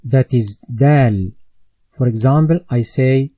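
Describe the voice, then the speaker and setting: A man teaching Quran recitation step by step, in a deliberate instructional manner that repeats each sound twice for the learner. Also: medium pitch, mellow, dry recording, rough recording.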